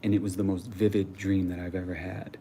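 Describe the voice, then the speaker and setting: A young man hosting a livestream, telling a personal story in casual chat, animated and slangy, with some swearing. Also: low-pitched, a little fast, slight background noise. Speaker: livestream host. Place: home.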